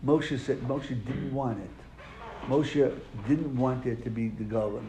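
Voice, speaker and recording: A man's voice: mid-range voice, measured pace, dark tone. A man teaching a classroom lesson, asking his students questions and then answering them. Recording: echoey room, faint noise.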